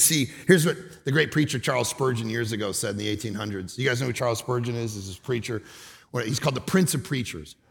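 A man preaching a comedic sermon, telling stories with sudden loud, shouted bursts. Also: mid-range voice, vocal fry. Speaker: guest preacher. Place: church.

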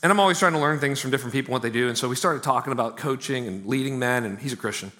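Speaking rapid-fire in a mid-range voice, this pastor preaches animatedly and chattily, often breaking off to address the congregation directly.

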